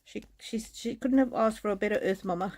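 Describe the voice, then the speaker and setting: A woman giving a live-streamed oracle card reading in a gentle, reassuring way, often restarting her sentences. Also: mid-range voice, brisk. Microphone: streaming mic.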